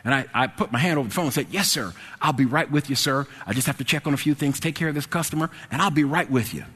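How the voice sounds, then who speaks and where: Animated male storyteller in a reverberant hall. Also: fast, husky. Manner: animated, swings from low mumbles to loud excited exclamations. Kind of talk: personal anecdote told to an audience.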